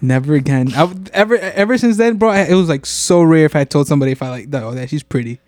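A man's voice: a little high, expressive, quick pace, darkish tone, no echo, clean studio sound. A young man co-hosting a podcast, telling an embarrassing school story in slangy, self-mocking chat. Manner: slangy, self-mocking, says bro a lot. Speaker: podcast co-host.

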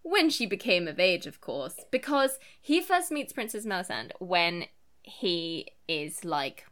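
A woman co-hosting a podcast, reviewing a film in casual chat, animated and quick with asides, swearing freely and mock-quoting the characters. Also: fairly low pitch. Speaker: podcast co-host.

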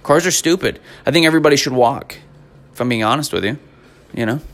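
A man's voice: medium pitch, quick pace, a bit bright. A man in his twenties delivering a profane, rambling stand-up rant in an exasperated tone. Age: 20s. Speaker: comedian.

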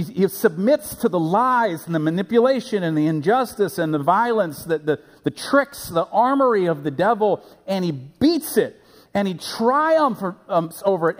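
A man preaching a sermon as a pastor, animated and playful, recorded in a church sanctuary. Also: high voice, long reverb tail.

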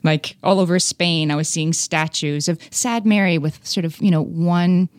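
Woman podcast host, lower voice, chatty and self-correcting, dry studio sound. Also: fairly even intonation, normal speed, no room sound. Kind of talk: casual conversation.

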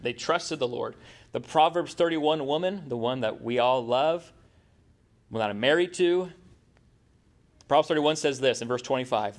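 A middle-aged man preaching a sermon in a conversational way, asking the congregation questions. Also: mid-range voice. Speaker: pastor.

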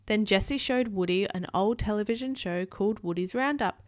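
A woman reads a storybook aloud to a child at home, gentle and patient in her pacing. Her voice sits mid-range and the room is dry and close. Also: medium pitch, brisk, no room sound. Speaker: parent reading to a child.

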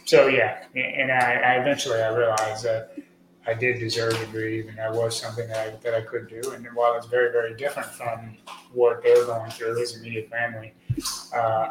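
A man talking as a podcast guest, earnest and rambling, with many fillers, getting lively when he tells stories. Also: mid-range voice. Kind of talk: conversational interview. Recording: echoey room with faint noise.

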